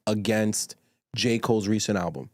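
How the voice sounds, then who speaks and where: A man's voice: on the low side, moderate pace. A man co-hosting a podcast, arguing emphatically and spelling out his reasoning as if lecturing. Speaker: podcast co-host. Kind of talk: casual podcast debate.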